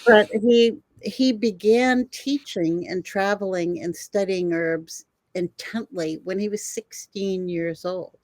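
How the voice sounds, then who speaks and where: Slow-talking older woman telling stories. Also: medium pitch, no room sound. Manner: animated storyteller, laughs often. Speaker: guest herbalist. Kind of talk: storytelling in an interview.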